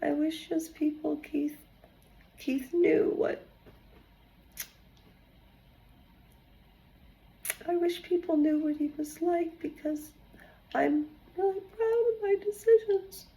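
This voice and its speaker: Woman mimicking a tearful, high-voiced young woman. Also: mellow, exaggerated voice, low-quality recording. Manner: breathy, crying, halting. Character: tearful young woman defending her choices.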